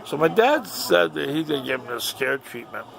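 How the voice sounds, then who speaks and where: A man's voice: fairly high pitch, big pitch swings, moderate pace, vocal fry, noisy background. A man casually telling a family story, rambling and heavily profane.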